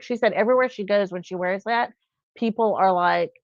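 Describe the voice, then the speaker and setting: This live stream host is a chatty woman who wanders through rambling tales of daily life. She speaks briskly at a medium pitch, with no room sound and a dull, lo-fi quality to the audio.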